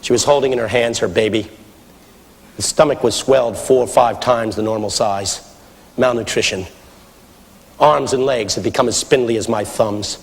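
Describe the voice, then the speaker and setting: A middle-aged man preaching a sermon, swinging from shouted appeals to hushed storytelling. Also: mid-range voice, normal speed, in a large hall.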